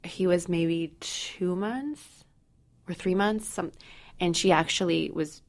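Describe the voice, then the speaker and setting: A woman in her thirties hosting a parenting podcast, telling family stories in a lively casual way. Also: on the low side, takes it slowly. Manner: lively storyteller, acts out quotes. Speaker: podcast host. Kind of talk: casual chat.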